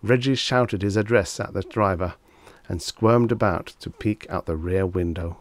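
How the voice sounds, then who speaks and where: A man narrating a vintage short story as an audiobook, in a steady, measured storytelling manner. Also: low voice, dry recording.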